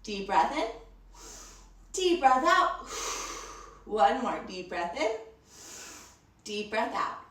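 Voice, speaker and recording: A woman's voice: a little high, sing-song, slow, pauses often, a bit bright, roomy sound, far from the mic. A woman teaching a storytime yoga lesson to children, encouraging them, asking them questions and praising them.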